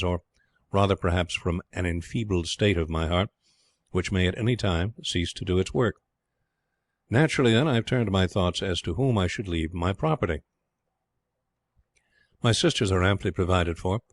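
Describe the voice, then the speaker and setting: A man voicing a remorseful, ailing gentleman's letter in a formal, measured, sincere way, with a dry close sound. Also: sits low, no room sound.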